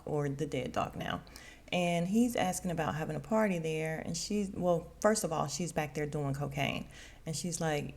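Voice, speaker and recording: Woman recapping TV episode casually. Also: lowish voice. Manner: animated retelling, voicing characters' lines. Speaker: podcast host.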